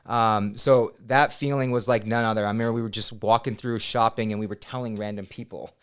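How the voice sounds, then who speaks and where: Smooth-voiced man telling a story. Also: fairly low pitch, brisk. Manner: animated, swears, quotes himself loudly. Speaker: podcast guest. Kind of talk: casual storytelling. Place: podcast studio.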